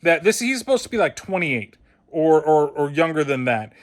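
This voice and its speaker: Blunt, foul-mouthed man with a higher voice. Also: sing-song, moderate pace. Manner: blunt and heavily profane; scornful, mocking tone. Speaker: horror film reviewer. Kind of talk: casual spoken film review.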